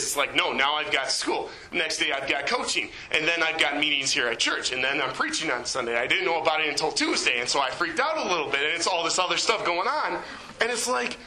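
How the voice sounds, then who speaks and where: A man in his twenties, a youth leader giving a chatty, animated sermon in a church, with lots of fillers. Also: fairly high pitch, roomy sound, poor audio. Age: 20s. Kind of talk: informal sermon.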